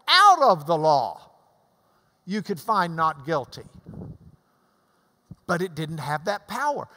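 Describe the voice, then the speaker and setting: A man's voice: very high voice, fairly bright tone, long reverb tail. A man in his sixties giving a sermon as a preacher, teaching through Bible verses with emphatic delivery and folksy asides about Greek words. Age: 60s.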